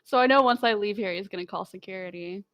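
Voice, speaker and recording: A woman's voice: mid-range voice, fast talker, no room sound, lo-fi sound. Woman, tabletop game player, terse, matter-of-fact, dry close mic.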